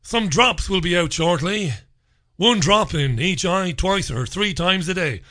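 A man's voice: high voice, animated, a little slow, sharp tone, exaggerated voice. A man voicing a matter-of-fact male vet with a Spanish accent.

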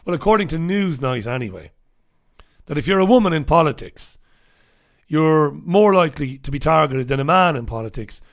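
A man hosting his own show, chatting casually and sardonically through viewer comments, profane and rambling. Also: a little high. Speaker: host of his own radio show and livestream. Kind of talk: casual livestream chat reading viewer comments.

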